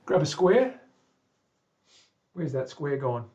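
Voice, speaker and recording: A man's voice: fairly high pitch, very animated, slow pace, a little mellow, lo-fi sound. A man with an Australian accent, a guitar maker chatting to himself and his viewers as he works in a workshop, muttering under his breath with asides to the audience. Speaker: guitar maker live-streaming a build. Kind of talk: casual live-stream narration while working. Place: woodworking workshop. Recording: distant voice in a workshop.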